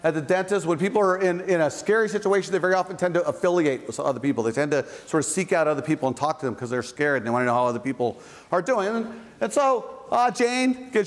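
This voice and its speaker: A man lecturing as a university psychology professor, talking in a conversational, playful way with frequent asides. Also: high-pitched. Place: large lecture hall. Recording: echoey lecture hall.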